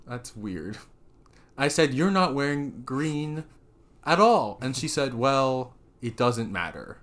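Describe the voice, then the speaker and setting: A man's voice: mid-range voice, takes it slowly. A teenage boy co-hosting a podcast in casual chat, jokey and often quoting people in put-on voices. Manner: animated, jokey, quotes others in voices. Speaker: podcast co-host.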